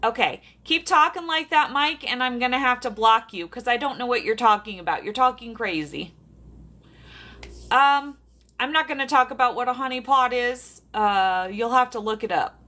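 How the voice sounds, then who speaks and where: A chatty woman from South Dakota hosts a casual livestream from her bedroom. Her voice sits a little high and sounds bright and forward. She laughs often and talks straight to her viewers, picked up by a camera on a tripod. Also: animated, normal speed. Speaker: livestream host, medium. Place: bedroom at home. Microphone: phone or camera on a tripod.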